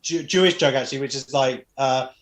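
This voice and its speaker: A man's voice: mid-range voice, fairly quick, fairly bright tone, roomy sound. A man chatting as a comedian guest, telling a joke in a storytelling way. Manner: tells jokes in a storytelling way.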